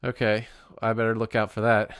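A man's voice: on the low side, monotone, a little fast, fairly bright tone, clear, resonant tone, no room sound, studio quality. A man co-hosting a podcast, chatting casually and making jokes. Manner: joking, laughs often. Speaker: podcast co-host. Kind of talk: casual chat.

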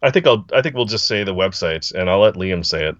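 A man guesting on a podcast with his child, chatting casually with a lot of vocal fry. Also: low voice, animated, fast talker, a bit bright, dry recording, lo-fi sound.

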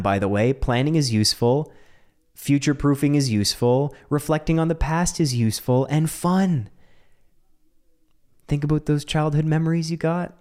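A man's voice: fairly high pitch, a little mellow. A man hosting a solo podcast, talking casually in a rambling, self-mocking, jokey way with frequent laughs. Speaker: podcast host.

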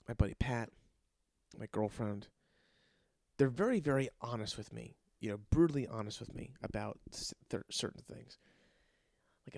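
A man's voice: medium pitch, gravelly, darkish tone, no room sound. A young adult man, a bartender, ranting in a casual, exasperated and profane way. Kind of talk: casual rant.

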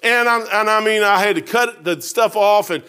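A middle-aged preacher with a high, bright, resonant voice tells a folksy sermon story at a moderate pace, sounding clear. His grammar is casual and homespun, and his lively delivery sometimes drops low and sometimes rises.

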